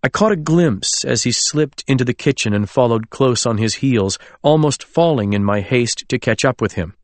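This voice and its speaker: A man reading a novel aloud as an audiobook narrator, in a measured, literary storytelling manner. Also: medium pitch, animated, no echo. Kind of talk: scripted narration.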